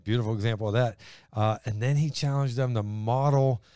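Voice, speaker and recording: A man's voice: medium pitch, brisk, dark tone, clear, resonant tone, dry recording, clean studio sound. A man hosting a faith talk show, explaining Bible verses in a plainspoken, step-by-step way. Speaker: host and Bible teacher. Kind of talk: casual Bible teaching.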